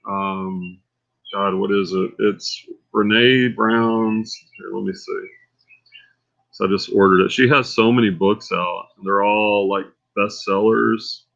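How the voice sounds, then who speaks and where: A slow, creaky, lowish male voice with a Texan accent comes across in lo-fi sound. He hosts a casual livestream, rambling excitably and working himself up.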